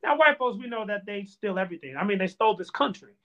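A man hosting a podcast in a loose, animated way, joking and riffing on the news. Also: sits high, fast talker. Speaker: podcast host. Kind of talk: casual podcast chat. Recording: dull lo-fi sound.

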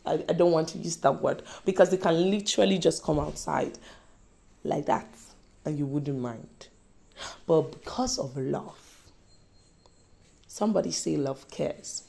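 Woman preacher, slow and gravelly, low-set voice, emphatic and repetitive. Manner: emphatic, repeats lines, swings between loud and soft. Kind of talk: sermon.

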